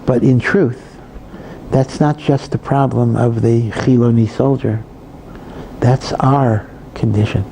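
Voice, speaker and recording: A male rabbi teaches in a very dark, mellow voice, talking casually with frequent asides and restarts. There is a faint hiss behind him. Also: mid-range voice, steady tone, slow, vocal fry, low-quality recording. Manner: conversational, many asides and repetitions. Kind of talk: Torah lecture.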